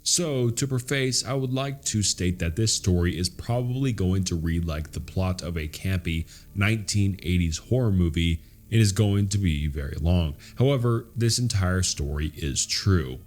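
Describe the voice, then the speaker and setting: A man with a very low, deep voice narrates horror stories in a steady, measured read. A faint bed of music sits beneath his words. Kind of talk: scripted horror story narration.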